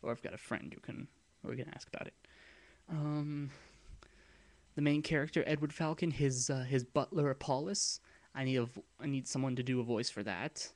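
A man with a deep voice talking in a casual vlog, rambling and hesitant, with frequent ums and restarts as he explains his project plans. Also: normal speed. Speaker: vlogger and abridged-series creator.

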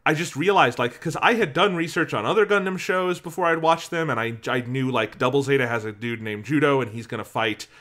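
A man co-hosting a podcast in casual chat, talking in a measured, analytical way. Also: medium pitch, fairly bright tone. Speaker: podcast co-host.

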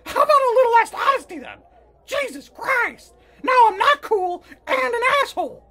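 A neurotic male turkey puppet whines and curses in a shrill, nasal squeal. His very high, bright voice leaps around as he melodramatically swings from self-pity to shouting. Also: very animated, slow, exaggerated voice. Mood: outraged. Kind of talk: puppet comedy sketch.

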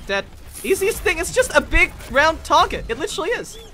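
A man bantering excitedly with his friends while playing an online game, laughing and swearing. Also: very high voice, a little fast. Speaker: gamer streaming with friends. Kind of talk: casual gaming banter.

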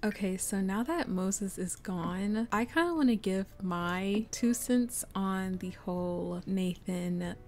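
A young woman giving casual, chatty commentary on her life-sim game, prone to excited, gushing asides. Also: medium pitch, slow, few pauses, a little hiss or hum. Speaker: gameplay commentator.

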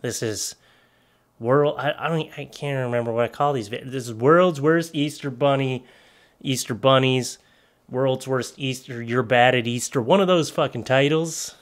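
Man, comedy commentary, sarcastic, profane, animated. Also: medium pitch, moderate pace. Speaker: comedy YouTuber.

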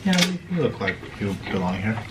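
Deadpan teasing man on a food vlog. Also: on the low side, moderate pace, very noisy. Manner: dry teasing, deadpan jabs. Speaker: co-host partner. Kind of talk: casual eating vlog chat. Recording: clattering dishes and clicks behind.

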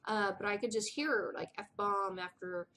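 A woman's voice: mid-range voice, unhurried, bright, forceful tone, slight background noise. Chatty, rambling middle-aged woman. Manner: rambling, chatty, drops to whispers for asides. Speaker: vlogger. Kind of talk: casual chat.

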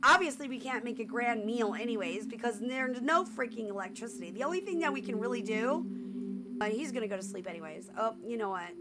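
A woman casually commenting on her own gameplay, excitable and full of exclamations, often laughing. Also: on the high side. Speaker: gameplay streamer. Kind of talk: casual let's-play commentary.

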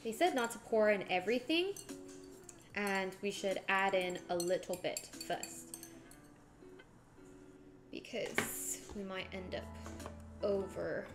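Speaking slowly in a mid-range voice with long pauses, a woman livestreams her cooking, talking casually to viewers and describing each step. Background music can be clearly heard.

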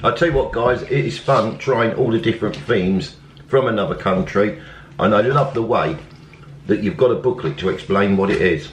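A man's voice: fairly low pitch, moderate pace. A man, chatting upbeat to viewers as he reviews snacks in a casual family vlog. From England. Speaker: family vlogger. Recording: echoey room, faint background noise.

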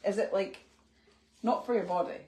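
A woman's voice: mid-range voice, moderate pace, background noise. Playfully indignant woman. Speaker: vlogger co-host. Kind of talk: casual joking banter.

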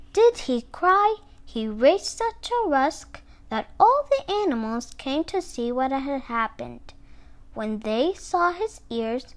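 Woman reading a kids book aloud, high lively sing-song voice, takes her time. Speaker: storyteller.

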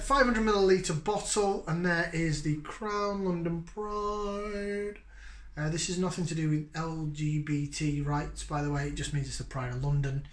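A man's voice: on the high side, a bit bright. Chatty man hosting a beer review. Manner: chatty and rambling with many fillers. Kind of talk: casual beer review chat. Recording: echoey room.

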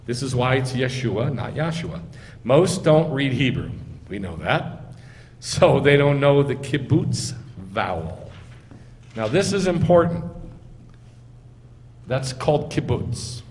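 A man's voice: mid-range voice, big pitch swings, takes it slowly, long pauses, a little mellow. A man, a rabbi, giving a teaching sermon, explaining step by step and quizzing his listeners. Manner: explains step by step, asks the audience questions. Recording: echoey hall, faint noise.

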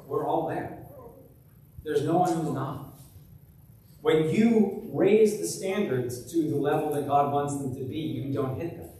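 A man's voice: a little high, a little slow, dark tone, distant mic, slight background noise. A man preaching a conversational sermon as pastor, often restarting and repeating words. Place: church sanctuary. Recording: very echoey church live stream from afar.

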